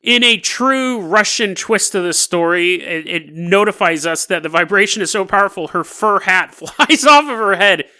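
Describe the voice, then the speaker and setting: A podcast host tells an odd story in a loose, animated, casual way, laughing between lines. His voice is high for a man, leaps around in pitch, and has a bright, forward, clear, resonant tone. He talks at normal speed with few pauses.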